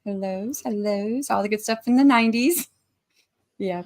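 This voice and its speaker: A woman's voice: medium pitch, moderate pace, a little mellow. A woman in her forties hosting a casual writing livestream, chatting, greeting viewers by name and reading out their messages. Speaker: livestream host.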